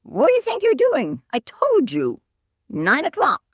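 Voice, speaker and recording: Woman playing an exasperated man, raised voice, scolding, lively ups and downs, dry sound. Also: on the high side, normal speed, no echo, pitched above the performer's own voice, exaggerated voice. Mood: annoyed. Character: annoyed man, a bartender woken at night.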